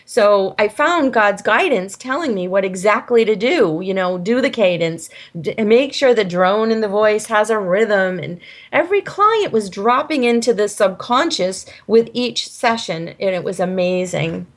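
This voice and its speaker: Interview guest: woman, average pitch, animated storyteller. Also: measured pace, few pauses. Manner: animated storyteller, acts out quoted voices. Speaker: guest, hypnosis healing practitioner.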